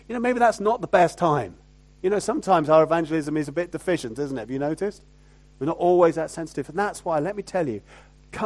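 A male pastor delivers a sermon in a fairly high-pitched, conversational voice. He keeps asking rhetorical tag questions of his listeners. He moves between loud emphasis and quiet, lowered asides.

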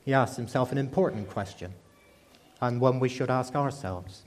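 Here a man preaches at an ordinary pace in a mid-range voice. His sermon feels conversational, and he often throws rhetorical questions at the congregation.

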